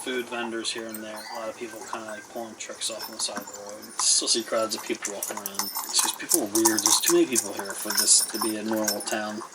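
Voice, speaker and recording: A man running a tabletop game as game master, narrating in a casual, rambling way with lots of fillers. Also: on the low side. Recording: distant mic with faint noise.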